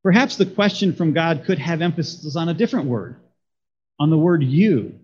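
A man preaches to his congregation in a husky, slightly breathy voice. He keeps it conversational and keeps asking the room questions. The recording is a bit dull and lo-fi. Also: a little high, animated, normal speed, a little mellow. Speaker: pastor. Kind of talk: sermon.

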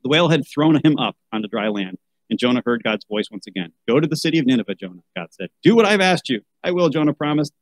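A man's voice: mid-range voice, sing-song, quick pace, poor audio. A man reading a children's Bible story aloud, breaking off for wry asides and a rant about how such books should be chosen. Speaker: podcast host.

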